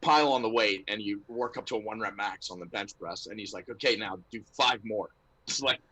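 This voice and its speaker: A man's voice: on the low side, fairly quick, sharp tone, no echo, poor audio. A middle-aged man talking casually as a podcast guest, laughing through his stories. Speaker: guest, associate athletic director.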